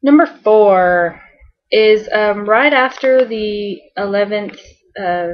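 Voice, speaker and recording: A young-sounding woman chats her way through a fan countdown, bubbly and rambling, full of "um"s and soft giggles. Her voice sits at an ordinary middle pitch. The home recording sounds dull and lo-fi. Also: slow. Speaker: vlogger. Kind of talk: casual fan countdown chat.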